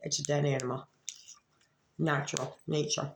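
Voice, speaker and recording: A woman's voice: deep voice, little pitch movement, normal speed, vocal fry, slight background noise. A woman giving casual, rambling online commentary, swearing freely and restarting her sentences. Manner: profane, rambling, with frequent restarts. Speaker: YouTube commentator. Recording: echoey room.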